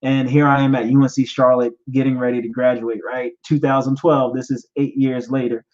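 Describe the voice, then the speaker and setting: A man in his thirties, a podcast host telling his own story in a personal testimony, emotional and halting, repeating himself and fighting back tears. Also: mid-range voice, level tone, darkish tone, muffled recording. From United States. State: choked up, near tears. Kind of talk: personal testimony, live stream talk.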